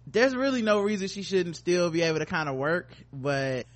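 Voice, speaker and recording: A man's voice: high-pitched, normal speed. Joking, profane podcast man. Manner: profane, joking, laughs between stories. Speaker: podcast co-host reading news stories. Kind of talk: casual comedic chat and news reading.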